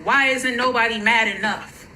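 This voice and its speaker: Furious profane woman ranting, bright voice. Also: on the high side, fairly even intonation, moderate pace, slight background noise, low-quality recording. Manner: furious, profane, shouting in bursts. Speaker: social media creator. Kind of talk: angry rant to camera.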